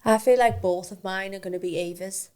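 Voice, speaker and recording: A woman, co-hosting a casual podcast with teasing, quick banter and laughter. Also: mid-range voice, steady tone, a little mellow, clean tone. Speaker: podcast co-host. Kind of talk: casual chat.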